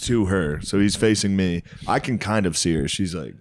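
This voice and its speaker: A man's voice: sits low, normal speed, a little hiss or hum. Crude laughing man telling a bar story. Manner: crude, laughing, acts out quotes. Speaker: podcast co-host. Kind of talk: casual storytelling chat.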